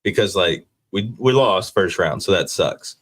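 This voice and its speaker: A man's voice: low-pitched, lively intonation, husky. A young man co-hosting a casual sports podcast, blunt and swearing freely. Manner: blunt, swears freely, quick agreeing interjections.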